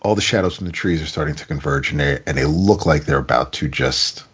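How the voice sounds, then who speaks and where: Low husky guy rambling thru a comic recap, kinda muffled lo-fi audio. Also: a little fast, a bit bright. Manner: rambling plot recap with stammered restarts. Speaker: comic book reviewer. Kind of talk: casual spoken review.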